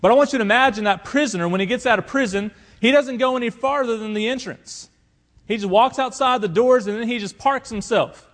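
A male pastor preaching a sermon, swinging between loud emphatic appeals and quiet asides. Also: very high-pitched, a little fast.

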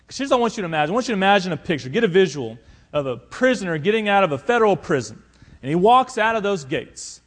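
A male pastor preaching a sermon, swinging between loud emphatic appeals and quiet asides. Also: sits high, big pitch swings, fast talker.

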